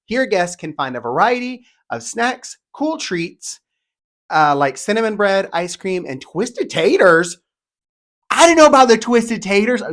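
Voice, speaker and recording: A man talking casually and enthusiastically as a theme park vlogger, partly reading descriptions aloud in a rapid-fire, chatty way. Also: high-pitched, fairly bright tone.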